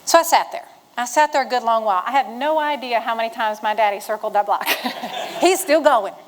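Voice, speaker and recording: A woman in her fifties from Virginia tells her life story to a room of veterans, slipping into the voices of the people she quotes. Her voice sits a little high for a woman and carries the energy of a motivational speech. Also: fairly quick, a little hiss or hum, poor audio. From Virginia, USA. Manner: animated, acts out dialogue in her story. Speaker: retired Marine giving a talk to veterans. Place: event room with an audience.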